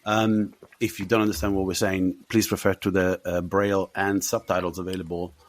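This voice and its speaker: Low-voiced man with a mixed Italian-South American accent. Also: little pitch movement, brisk. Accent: mixed Italian, South American and Australian. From born in South America, Italian. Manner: rambling, laughs often, swears. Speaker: podcast host. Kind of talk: casual film chat.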